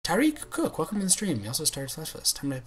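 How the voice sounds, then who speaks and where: A man streaming a game live, rambling goofily to his viewers and yelping excitedly whenever he gets hit. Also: a little high, quick pace. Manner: rambling, goofy and excitable, yelps when hit; chats with viewers. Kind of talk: live gameplay commentary.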